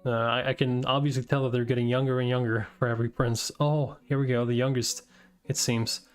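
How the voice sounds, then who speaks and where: A man casually reading a comic aloud and reacting, thinking out loud with many fillers and breaking into surprised swearing. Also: medium pitch, level tone, fairly quick, smooth, faint music behind. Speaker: host reading manga aloud.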